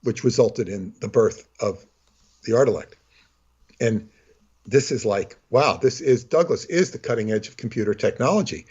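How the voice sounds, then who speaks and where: A man's voice: medium pitch, expressive, moderate pace, a little mellow, breathy edge, highs cut off. A man telling stories and talking astrology in casual chat, rambling with many restarts and breaking into character voices. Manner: rambling, full of fillers and restarts, acts out voices.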